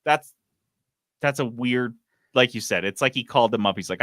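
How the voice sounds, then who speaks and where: A man co-hosting a casual podcast chat, ranting and swearing in an animated way. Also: mid-range voice, moderate pace, pauses often, dry recording, clean studio sound. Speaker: podcast co-host.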